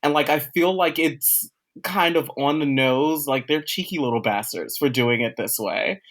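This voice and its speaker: A man's voice: on the high side, normal speed, a bit bright. A man on a casual podcast, analyzing a show thoughtfully and laughing between points. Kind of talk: casual pop-culture chat.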